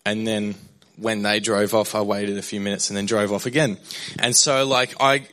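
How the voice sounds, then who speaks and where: A man's voice: on the low side, level tone, normal speed, a bit bright. A young man, a pastor, sharing a candid personal testimony in a sermon, rambling with fillers and restarts.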